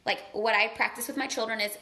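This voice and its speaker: Bright-voiced woman giving an earnest live pep talk. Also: fairly high pitch, fairly even intonation, fast. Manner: earnest, gushing and conversational, heavy on "like". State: tearful at times. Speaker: motivational speaker. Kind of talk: live-streamed motivational talk.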